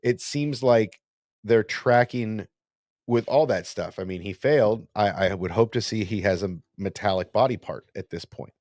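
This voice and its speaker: Low-voiced man rambling in casual chat. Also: moderate pace, a little mellow, no room sound, clean studio sound. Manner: rambling, self-correcting, playful. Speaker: podcast co-host. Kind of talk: casual fan discussion.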